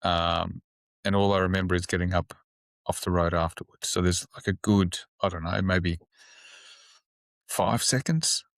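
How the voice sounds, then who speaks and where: A police officer telling a story on a podcast in a casual, halting way, with many fillers and restarts and easy swearing. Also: male voice, sits low, steady tone, vocal fry, a bit bright, no room sound.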